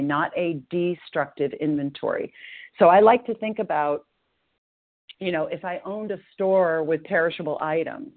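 An earnest, measured voice of middle age, speaking at a recovery meeting over a tinny, narrow phone line. The pitch sits at a middle height. Passages from a book are read aloud between thoughtful personal reflections.

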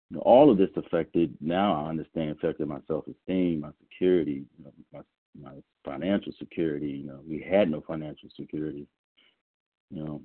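A man from South Carolina reading aloud and then sharing his story in a halting way, with many restarts. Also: a bass voice, dry recording. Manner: halting, frequent "you know" and restarts. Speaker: meeting reader and sharer. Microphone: phone. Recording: tinny phone line.

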